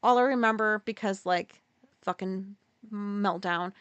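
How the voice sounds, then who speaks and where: A woman's voice: fairly bright tone, clean tone, no echo, highs cut off. Candid, profane woman telling a story. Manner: halting, profane, with restarts and sudden pitch jumps. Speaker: podcast host.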